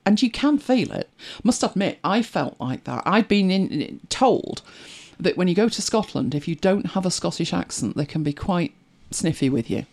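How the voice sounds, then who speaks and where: Medium in pitch, animated and a little mellow, this voice moves at normal speed with creakiness and hardly any pauses. It belongs to a middle-aged, English-accented host chatting casually and reflectively, laughing often and trailing into asides.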